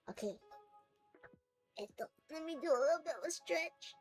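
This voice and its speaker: A woman's voice: high-pitched, lively intonation, a little slow, long pauses, soft background music. A woman streamer chatting casually to her livestream viewers from home, rambling and playful as she drifts between topics. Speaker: VTuber streamer. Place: at home, sitting on the floor.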